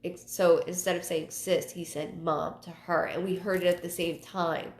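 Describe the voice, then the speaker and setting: A woman psychic medium hosting her live show, chatting casually and telling personal stories in a halting way, often repeating words. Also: lowish voice, flat delivery. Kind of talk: casual livestream talk. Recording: roomy echo.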